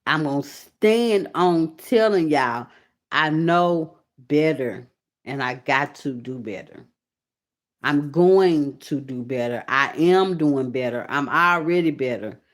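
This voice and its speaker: A woman in her thirties hosting a casual live stream, reading viewer comments aloud, emotional and swinging between loud excited bursts and soft low murmurs.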